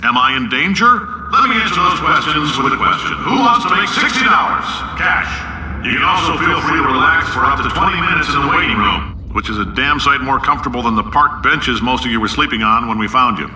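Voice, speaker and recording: A man's voice: mid-range voice, expressive, a little fast, sharp tone, reverberant, recorded from a distance, slight background noise, rough recording. An actor playing a brash, boastful company chief who talks in a blustering, salesman-like, sardonic way in a video game. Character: brash boastful male company CEO, middle-aged.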